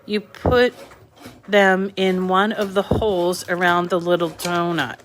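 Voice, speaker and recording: A woman with a New England accent and a voice on the low side speaks at a measured pace with flat delivery, some slight background noise present. She hosts a crafting channel's live tutorial, chatting with viewers and reading out their comments.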